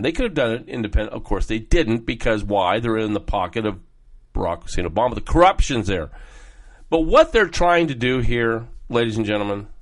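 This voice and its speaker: A middle-aged man hosting a talk show, delivering a rambling, heated political monologue that jumps from topic to topic. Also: lowish voice.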